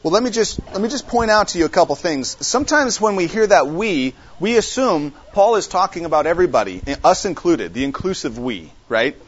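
A man with a high-pitched, husky voice teaches an interactive Bible study in an animated way. He checks in with listeners and repeats his main points, frequently stopping to restart sentences. The sound is dull and lo-fi.

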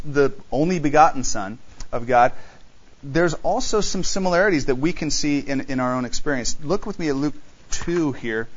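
A man preaching a sermon, animated and full of rhetorical questions, reading scripture aloud. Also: fairly high pitch, highs cut off.

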